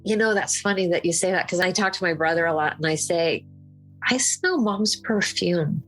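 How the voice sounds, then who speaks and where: Middle-aged woman, lowish voice, talks straight and candid, little laughs, faint music behind. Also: normal speed, poor audio. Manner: candid and direct, laughing softly between thoughts. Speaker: interview guest. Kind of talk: personal storytelling in an interview.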